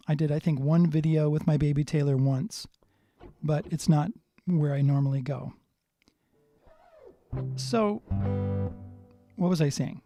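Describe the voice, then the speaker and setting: A man's voice: fairly high pitch, dry recording. A man giving a live guitar lesson, chatting and thinking aloud as he tunes and plays. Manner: relaxed, thinking aloud while tuning. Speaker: guitar teacher. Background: guitar playing.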